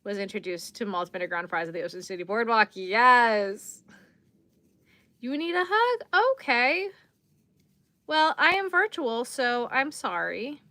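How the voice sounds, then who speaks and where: Tired woman streamer, bright tone, dry close sound, easygoing chat while crocheting. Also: on the high side, sing-song, measured pace, dry recording. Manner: chatty, easygoing, responds to viewers while crocheting. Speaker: crochet livestreamer. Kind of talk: casual livestream chat, reading chat comments.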